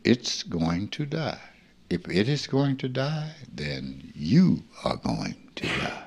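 An older man in his seventies from rural Mississippi speaks as a spiritual teacher, earnest and reflective. His voice sits low but swings widely in pitch, and he takes his time, sometimes sinking to a near-hush. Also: very animated, takes it slowly, creaky, slightly rough. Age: 70s. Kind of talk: unscripted spiritual talk.

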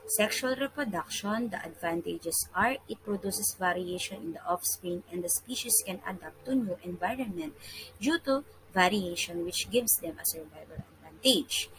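A woman with a Filipino accent reading a science lesson aloud as a teacher, steady and measured, with occasional restarts. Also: mid-range voice, slight background noise, low-quality recording.

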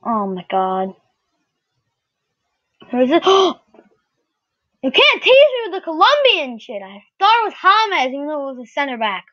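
A woman's voice: high voice, wildly swooping pitch, unhurried, pauses often, fairly bright tone, highs cut off. A woman doing casual game commentary while opening card packs, swearing freely and shrieking whenever a good player shows up. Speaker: gaming video creator.

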